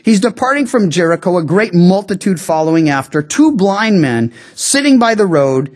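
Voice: mid-range voice, lively intonation. Conversational pastor preaching a sermon. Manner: conversational preaching, slowing down on key phrases; frequent restarts and stammered repeats.

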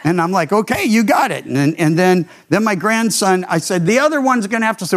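High-voiced older man preaching. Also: brisk, hardly any pauses. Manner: animated storytelling, acts out quoted voices. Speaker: pastor. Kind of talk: sermon.

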